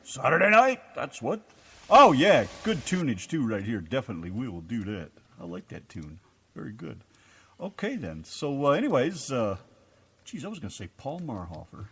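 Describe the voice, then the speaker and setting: A man's voice: medium pitch, normal speed, slightly rough. An American man co-hosting a casual radio show, joking and teasing his wife on air. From United States. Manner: joking, teasing, lively delivery. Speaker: co-host.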